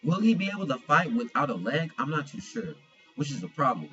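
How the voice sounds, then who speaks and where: A man's voice: fairly high pitch, very animated, fairly quick, a bit bright, highs cut off, faint music behind. A young man giving a casual manga chapter review, slangy and profane, retelling scenes with animation.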